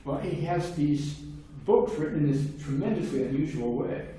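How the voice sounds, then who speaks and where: His voice is warm, expressive, and a little high, and he keeps a moderate pace. The man is lecturing on philosophy in a conversational way, explaining at length with casual, wry comments along the way. A far-off mic picks him up in a strongly echoing room with faint noise.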